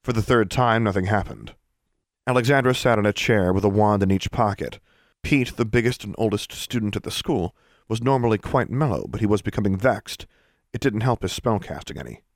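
Low-voiced male storybook narrator. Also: brisk, dry recording, studio quality. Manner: steady storytelling, lively intonation. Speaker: audiobook narrator. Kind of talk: scripted fantasy narration.

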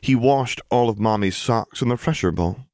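For an audiobook, a man voices a stern but fond young mother who gives firm, crisp commands, pitching above his own voice while staying close to an everyday sound. His mid-range voice is a little mellow at a moderate pace, recorded with studio quality and no room sound.

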